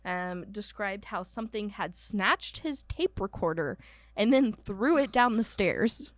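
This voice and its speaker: A woman's voice: mid-range voice, animated, unhurried, dry recording. A woman from Ohio co-hosting a podcast, telling a ghost story in casual chat with lots of ums. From Ohio, United States. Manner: chatty, many ums, laughs at herself. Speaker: podcast co-host.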